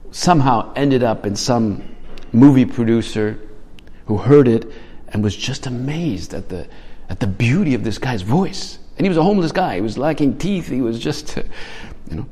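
A man's voice: medium pitch, expressive, a little slow, warm tone, husky, in a large hall. A male priest giving a conversational, reflective homily, often restarting his phrases.

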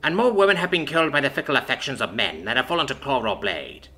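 A man voicing an imperious female dragon ruler who speaks in a measured, silky, threatening way. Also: medium pitch, animated, bright, forceful tone. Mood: cool menace. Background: faint background music.

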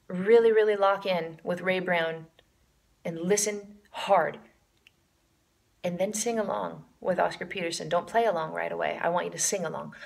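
A woman's voice: mid-range voice, vocal fry. Enthusiastic woman teaching jazz piano. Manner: enthusiastic, demonstrates by counting and scatting rhythms. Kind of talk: casual music lesson. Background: piano playing.

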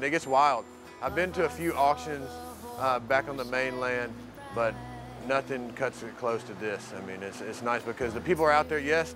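A man from the mainland talks casually in an interview, rambling along and leaning on filler phrases. His voice sits in an ordinary middle range. Music plays clearly behind him outdoors. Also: mid-range voice. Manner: loose, rambling, leans heavily on "you know". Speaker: program resident and volunteer.

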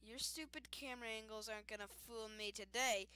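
A young woman giving casual let's-play commentary, excitable and self-mocking, yelling at the game and giggling. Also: fairly high pitch, brisk, smooth, dry recording. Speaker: gaming youtuber.

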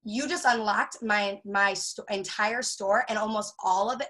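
A woman giving a casual sales training talk, chatty and animated, acting out customer chats with lots of filler words. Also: medium pitch, unhurried, few pauses, rough recording.

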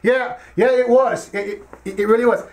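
A man's voice: fairly even intonation, normal speed, darkish tone. A man playing Kelvin, a dim-witted young film fan who rambles with broken grammar and stammered restarts. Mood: dopey. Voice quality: very high goofy voice. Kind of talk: comedic character sketch.

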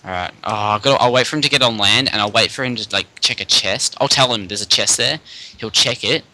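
Excitable young gamer guy, bright voice. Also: on the low side, a little fast, low-quality recording. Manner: excitable, laughs and chants in bursts. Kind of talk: casual gaming commentary.

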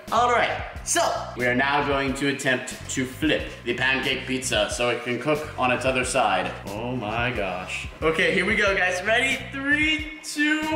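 Excitable male vlogger, lively voice. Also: medium pitch. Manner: excitable, exclaiming often. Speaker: vlogger host. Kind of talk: excitable casual vlog chat. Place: indoors at home. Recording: echoey room, faint music.

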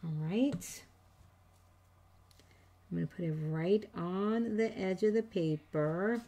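Speaking slowly in a dark-toned, medium-pitched voice, a middle-aged woman runs a casual papercraft demo. She chats with viewers and jokes nervously at her own expense over mistakes.

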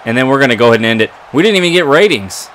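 A man commentating his own wrestling video game play, excitable and trash-talking his opponent. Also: medium pitch, racing, slight background noise. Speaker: gaming commentator.

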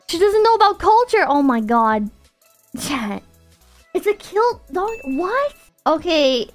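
A woman live-streaming and chatting casually with her viewers, excitable and profane, swinging between loud outbursts and deflated mutters. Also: very high-pitched.

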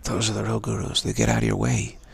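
A man's voice: on the low side, monotone, fast talker, gravelly, husky. A man giving an unscripted spiritual talk as its teacher, repeating phrases over and over. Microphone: livestream mic.

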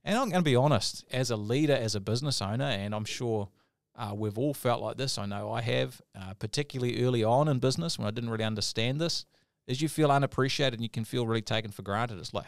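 Energetic New man hosting a podcast. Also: mid-range voice, quick pace, hardly any pauses, no room sound, clean studio sound. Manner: energetic, acts out quoted voices. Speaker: podcast host. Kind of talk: casual podcast chat.

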